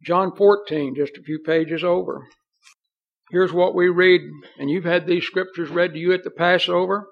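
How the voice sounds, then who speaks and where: A man's voice: high voice, fairly even intonation, normal speed. A man preaching a sermon in an earnest, folksy way, reading scripture aloud. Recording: dull lo-fi recording.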